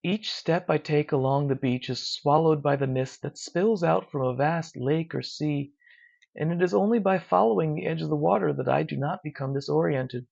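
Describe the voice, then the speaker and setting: A narrator reading a dark first-person horror story in a slow, measured, hushed way. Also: medium pitch. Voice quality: gravelly. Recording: dull lo-fi recording.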